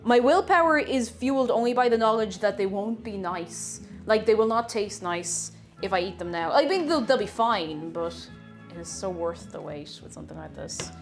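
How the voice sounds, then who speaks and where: A woman's voice: medium pitch, moderate pace, faint music behind. A woman chatting casually with her stream chat while baking in her home kitchen, reading messages aloud. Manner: chatty, reads chat aloud, bursts of excited whoops.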